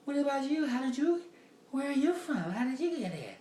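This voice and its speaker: A prying Persian saleswoman with a thick accent, all shrill and drawn-out gasps, as a man puts her on. She fakes shock, then pivots straight to selling lotion. It sounds echoey and distant, with a faint hum of room ambience. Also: big pitch swings, warm tone. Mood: pushy, prying. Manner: high, squeaky, drawn-out exclamations. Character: pushy Persian woman lotion seller, feigning surprise. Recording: roomy echo from far off.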